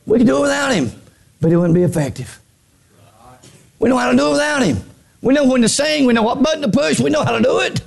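A man preaching a sermon from a church pulpit. He repeats phrases and swings between shouted lines and hushed low ones. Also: expressive, fast, vocal fry, long pauses. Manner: repeats phrases, stammers on restarts. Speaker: pastor.

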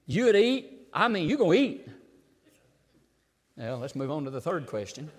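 An older pastor preaching a sermon in a church, emphatic and folksy, dropping suddenly into low asides. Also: male voice, big pitch swings, a little slow, slightly rough. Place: church sanctuary. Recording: long hall reverb in church.

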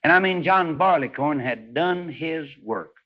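Male preacher, fervent sermon, slightly high voice, dull lo-fi recording. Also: expressive, unhurried. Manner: fervent preaching with wide swings from loud highs to hushed lows.

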